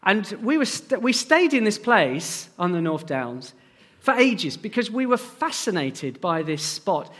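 A man preaching a sermon and talking directly to his congregation in a lively, engaging way. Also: high voice, a little slow. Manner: animated, addresses the congregation directly. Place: church.

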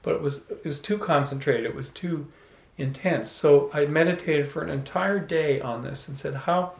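Gravelly man telling a story. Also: a little high, normal speed. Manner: animated, laughs often, repeats words when starting. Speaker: salon speaker. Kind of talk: storytelling to a small audience. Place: room with a small live audience. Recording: echoey room.

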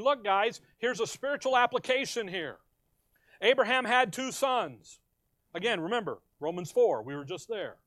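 A middle-aged man preaching a verse-by-verse sermon, swinging between loud emphasis and quiet asides. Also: very high-pitched, no echo.

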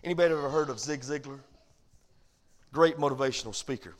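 A man pastor preaching a sermon, animated and calling for amens. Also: mid-range voice, fast, pauses often. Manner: animated preaching, calls for amen.

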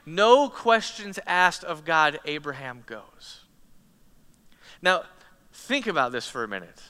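A man preaches with a bright, crisp voice pitched a little high. He tells the story with drama, rising to near shouts and sinking to hushed near-whispers. His words ring out with long reverb in a large hall. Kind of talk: sermon.

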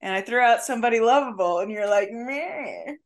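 A woman's voice: a little high, quick pace. A woman co-hosting a podcast in casual chat, teasing and playful, with a lingering cough. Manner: teasing, playful, deadpan asides. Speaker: podcast co-host.

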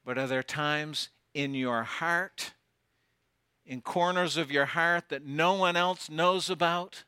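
A pastor delivers a sermon in a slightly high voice at a slow pace, swinging from loud declarations down to near whispers. He poses rhetorical questions to his congregation, and his clean tone comes through a dry recording.

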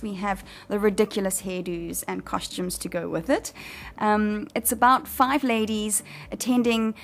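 A woman with a South African accent, a guest actress chatting enthusiastically in an interview, often pausing with um. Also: a little high. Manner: warm, enthusiastic, frequent ums. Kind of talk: casual interview chat.

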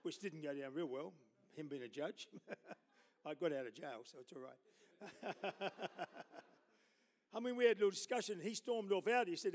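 An older Australian man, a pastor, telling his testimony in a sermon with loud preaching bursts and laughter. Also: fairly high pitch, moderate pace, pauses often.

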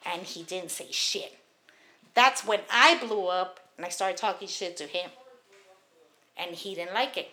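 Bright, fiery-voiced woman in her thirties. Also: mid-range voice, lively intonation, normal speed. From Los Angeles. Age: 30s. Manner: profane, heated storytelling. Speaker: podcast host. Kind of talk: casual podcast chat.

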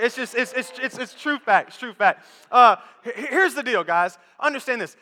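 A man preaching a sermon in an animated, joking, repetitive way, in a church. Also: very high-pitched. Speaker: pastor. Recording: echoey church hall.

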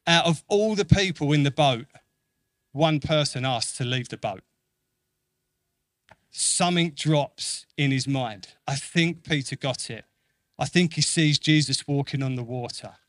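A man delivering a sermon with an earnest, repetitive emphasis, slipping into quoted voices as he tells the story. His voice sits a little high for a man. The sound is dry and close, with no room around it. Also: unhurried, no echo. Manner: earnest, repeats phrases for emphasis; acts out quoted voices with lively shifts. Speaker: preacher.

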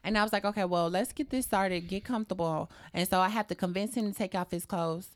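Animated woman telling a story. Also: mid-range voice, quick pace. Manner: animated, acts out quoted dialogue, swears freely. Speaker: guest telling a personal story. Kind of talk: casual storytelling.

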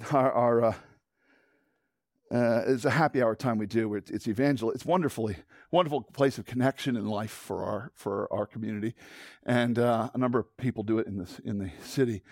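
A male pastor preaching a sermon in an animated way, often restarting and repeating words and putting questions to his listeners. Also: fairly high pitch, dry recording, clean studio sound. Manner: rhetorical questions to the congregation.

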